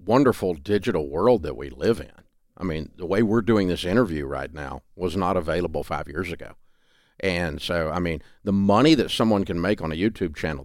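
A man's voice: deep voice, no room sound, clean studio sound. A middle-aged man with a Southern accent, speaking as a guest in a podcast interview in a folksy, emphatic storytelling way. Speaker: guest, finance radio host.

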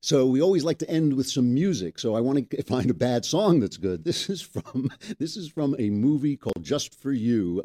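Male talk-show host, animated delivery, warm mellow tone, chatty, laughs easily. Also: fairly low pitch, no echo, studio quality. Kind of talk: talk show interview and chat.

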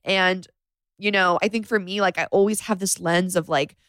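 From her bedroom floor, a podcast host talks through a solo confessional episode on a podcast microphone, rambling candidly with plenty of "like" and sometimes nearly tearing up. Her lowish voice is steady and a bit bright, at normal speed, with no echo.

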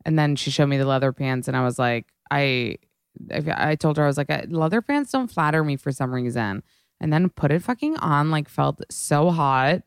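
A young woman hosting a podcast, chatting casually and excitedly, with lots of swearing and filler words. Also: sits low, creaky, clear, resonant tone, dry recording, clean studio sound. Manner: gushing and fast, heavy swearing and "like". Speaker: podcast host. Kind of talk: casual chat.

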